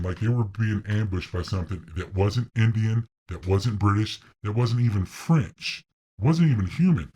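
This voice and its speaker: A man's voice: fairly low pitch, darkish tone, breathy edge. A man casually telling a long story, rambling with asides and restarts.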